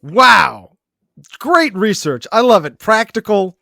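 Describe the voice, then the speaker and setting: A man with a high, bright voice co-hosting a comedy podcast. He delivers dry wisecracks in casual banter, recorded close and dry. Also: big pitch swings, takes it slowly, vocal fry, no echo. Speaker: podcast co-host.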